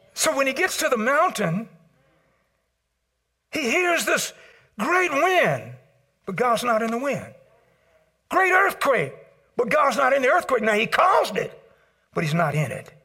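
A man preaching a sermon as pastor, swinging between shouted peaks and hushed low passages and calling out to the congregation. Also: husky. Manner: calls out to the congregation. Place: church service.

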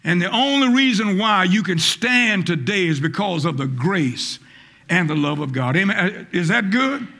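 A male pastor preaching a fiery call-and-response sermon, stammering on repeated words and rising to shouts. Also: sits high, animated, moderate pace. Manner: acts out quoted voices, stammers on repeated words.

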